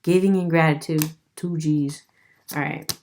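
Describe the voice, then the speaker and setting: A woman's voice: low voice, fairly even intonation, unhurried, darkish tone. A woman doing a casual tarot reading, musing aloud as she turns over cards and laughing now and then. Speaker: tarot reader.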